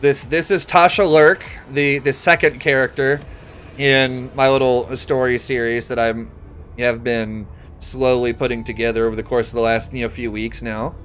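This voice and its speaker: A man's voice: mid-range voice, flat delivery, normal speed, fairly bright tone, soft background music. A man casually chatting on a live game stream, rambling, correcting himself and laughing easily.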